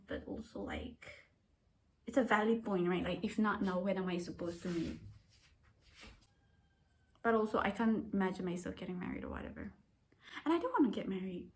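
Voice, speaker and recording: There is a little hiss or hum behind this woman in her twenties, a vlogger whose accent blends British and Australian. In a casual, rambling vlog, she talks to her camera with self-deprecating humor, her medium-pitched voice a little mellow.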